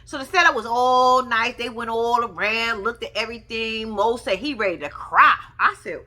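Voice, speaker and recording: A young woman with a fairly high voice recaps reality TV casually at a moderate pace, barely pausing. Sassy and animated, she does mocking imitations of the people she's talking about.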